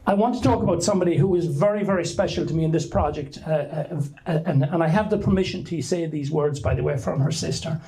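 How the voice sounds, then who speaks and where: A man's voice: a little high, fast talker, gravelly, hardly any pauses, dark tone, poor audio. An Irish man telling a rambling story to a live audience, with frequent restarts and fillers. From Ireland. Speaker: speaker giving a talk to an audience.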